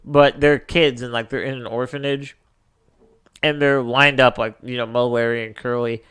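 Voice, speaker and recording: Young man, podcast co-host, smooth clear tone, animated, swears casually. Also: mid-range voice, normal speed. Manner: animated, swears, retells scenes with voices. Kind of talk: casual chat.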